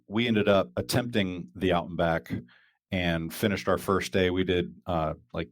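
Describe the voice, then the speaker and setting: This podcast host has a low voice and talks loosely in a casual chat, rambling with frequent fillers and restarts. The studio-quality sound has no room sound.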